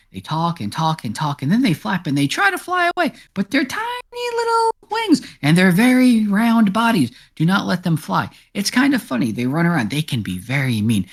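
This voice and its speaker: A man voicing a proud, chatty male cat who guides the party and tells dramatic stories in a high, excitable voice. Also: slightly rough, full character voice. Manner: high excitable voice, gasps and exaggerated chicken noises.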